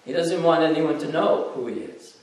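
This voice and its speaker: A man's voice: on the high side, normal speed. Male lecturer in an echoey hall. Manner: animated, acts out the voices in stories. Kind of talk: devotional storytelling lecture. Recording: echoey hall, distant mic.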